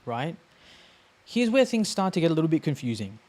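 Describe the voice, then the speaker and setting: A man teaching a language on a live stream, casual and chatty, repeating sounds slowly to demonstrate them. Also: fairly high pitch, very animated, a little mellow.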